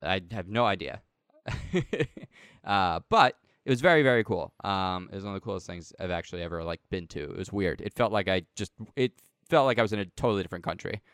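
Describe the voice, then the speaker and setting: Man, casual podcast chat, rambling with fillers, smooth resonant voice, dry sound. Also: low-pitched, brisk, a bit bright, no room sound. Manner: rambling, heavy use of "like" and "um".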